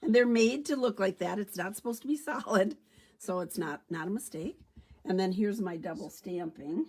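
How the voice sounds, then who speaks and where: A woman's voice: medium pitch, normal speed, darkish tone, breathy edge. A woman giving a chatty card-stamping tutorial, thinking aloud as she works. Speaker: stamping demonstrator. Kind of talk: craft tutorial demo.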